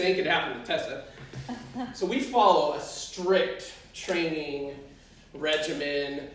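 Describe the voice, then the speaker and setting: A man performing a personal story on stage at a live storytelling show, animated and self-mocking, swearing freely. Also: high voice. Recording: echoey hall, voice from far off.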